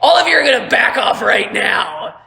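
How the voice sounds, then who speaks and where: A young woman voicing a thick-headed, bigoted male militia captain in a tabletop game, shouting threats and insults. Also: extremely high pitch, big pitch swings, moderate pace, vocal fry, voice pushed up, heavily acted. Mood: menacing. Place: school room. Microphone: phone. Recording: echoey room, phone mic.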